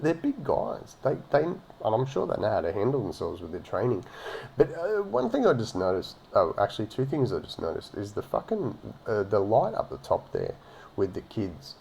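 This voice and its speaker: Gravelly man ranting. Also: mid-range voice, big pitch swings, normal speed, a little mellow, a little hiss or hum. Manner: ranting and mocking, heavy swearing. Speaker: reaction commentator. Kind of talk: casual profane commentary on a video.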